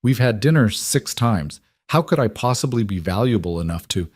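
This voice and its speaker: A man's voice: fairly low pitch, lively intonation, normal speed, a little mellow, dry recording, studio quality. A man reading an anxious young nursing assistant. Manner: worried, pleading. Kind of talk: audiobook character reading.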